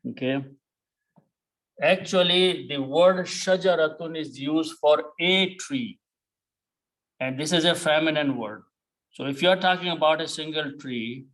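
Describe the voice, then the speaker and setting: Guy teaching quran real slow, kinda high voice, keeps saying okay. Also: fairly bright tone, poor audio. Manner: deliberate, repeats key words, many "okay"s. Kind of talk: slow explanatory lesson.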